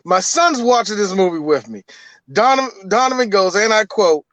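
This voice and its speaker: High-voiced animated podcast co-host man. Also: moderate pace, dry recording, lo-fi sound. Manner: animated, laughing, swearing. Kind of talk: casual chat.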